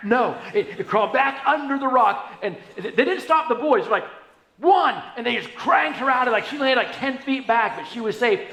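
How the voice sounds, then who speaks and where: High-voiced guy pastor, animated sermon story, quiet then loud, echoey church. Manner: animated, wide swings from hushed to loud. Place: church sanctuary.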